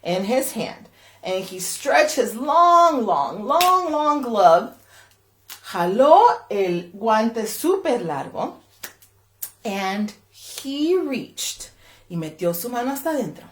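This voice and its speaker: A woman from the library reading a picture book aloud to children, switching between English and Spanish line by line in an animated way. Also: a little high, takes it slowly, slight background noise. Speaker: library storyteller. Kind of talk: bilingual children's read-aloud. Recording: echoey room.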